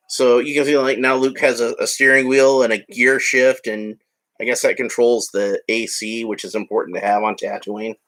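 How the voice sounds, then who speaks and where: A man's voice: mid-range voice, a bit bright. A man narrating a toy build in a casual, rambling way with joking asides. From United States. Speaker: hobby vlogger.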